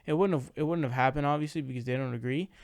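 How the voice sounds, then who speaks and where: A man's voice: mid-range voice, very fast, gravelly, dry recording. A man giving casual political reaction commentary, ranting in exasperation with frequent swearing.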